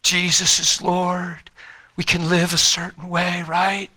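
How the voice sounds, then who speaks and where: Bright, animated male storyteller. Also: high-pitched, slow pace. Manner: animated, repeats words, acts out quotes. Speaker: speaker sharing a personal faith testimony. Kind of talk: emotional storytelling.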